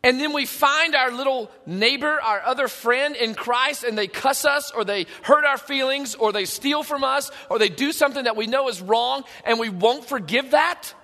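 High, bright-voiced male preacher. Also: moderate pace, few pauses. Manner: emphatic, swinging between loud and hushed. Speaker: pastor. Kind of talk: sermon. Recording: long hall reverb.

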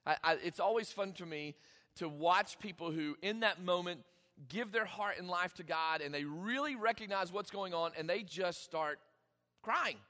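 Emphatic high-voiced preacher in a reverberant hall. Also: male voice, sharp tone. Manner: emphatic preaching with dramatic pauses and swings in volume. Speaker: pastor. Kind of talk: sermon.

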